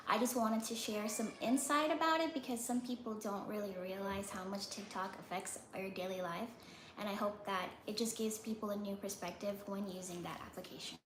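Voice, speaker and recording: A young woman in her early twenties speaks very quietly, with a calm, gentle delivery. Her voice sits mid-range in an echoey room, with a faint hum of noise behind it. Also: mid-range voice. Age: early 20s. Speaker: guest, podcaster. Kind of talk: casual interview.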